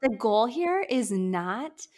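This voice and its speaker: A woman talking in a casual chat, full of "like" fillers and quick laughs. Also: a little high, big pitch swings, a little mellow. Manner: chatty, lots of "like" fillers; laughs easily while talking.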